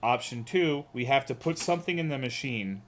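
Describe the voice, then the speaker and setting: A man's voice: mid-range voice, animated, normal speed, a little hiss or hum. A young American man streaming a game, chatting casually and ranting with lots of swearing while reading chat aloud. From United States.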